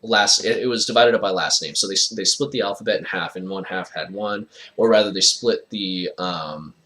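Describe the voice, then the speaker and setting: Young man, casual anecdote, bright voice, lowish pitch, laughs a lot, rambling with fillers. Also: moderate pace. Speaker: storyteller.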